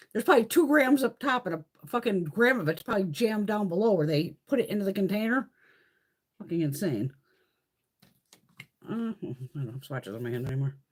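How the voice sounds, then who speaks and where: A beauty livestream host in Connecticut chats from home during a casual makeup stream, swatching products while ranting in a blunt, profane way. Her voice is medium-pitched and husky.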